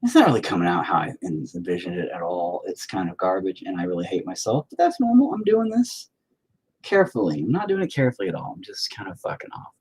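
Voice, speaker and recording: Profane rambling husky-voiced man. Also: deep voice, big pitch swings, fast talker, hardly any pauses. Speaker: livestreamer painting while chatting. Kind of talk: casual stream chat. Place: home, indoors.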